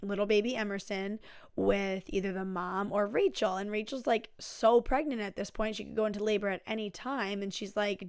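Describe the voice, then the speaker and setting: A woman's voice: mid-range voice, fairly even intonation, normal speed, a bit bright, smooth, no echo, clean studio sound. Chatty woman recapping a reality show. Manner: chatty, filler-heavy with um, like and you know; blunt opinions on the people she recaps. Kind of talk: casual episode recap.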